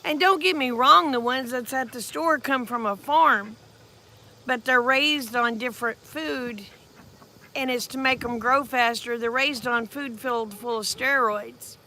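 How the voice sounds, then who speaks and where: Folksy farm woman, gravelly. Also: on the high side, a little slow, bright, forceful tone. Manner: folksy, chatty, drawling. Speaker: farm vlogger. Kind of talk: casual storytelling.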